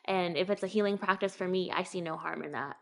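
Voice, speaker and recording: A woman's voice: fairly low pitch, quick pace, creaky, fairly bright tone. A woman co-hosting a podcast in casual chat, swearing casually and laughing often. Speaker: podcast co-host.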